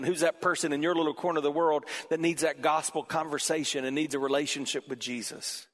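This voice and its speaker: A man preaching a sermon in a church auditorium, animated, swinging between loud emphasis and quiet passages. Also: a little high. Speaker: pastor. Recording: long reverb from a large hall.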